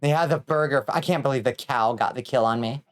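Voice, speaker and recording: A woman's voice: very deep voice, a little fast. A woman streaming a video game, chatting casually with viewers and shrieking and swearing when things go wrong. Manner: excitable, screams and swears when in danger. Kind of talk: casual gaming stream chat.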